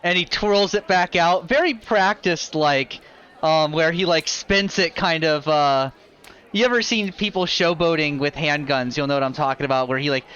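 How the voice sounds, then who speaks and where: Bright, crisp-voiced man running a tabletop game. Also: on the high side, normal speed, dull audio. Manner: animated, filler-heavy narration. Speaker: dungeon master. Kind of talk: narrating a live tabletop game.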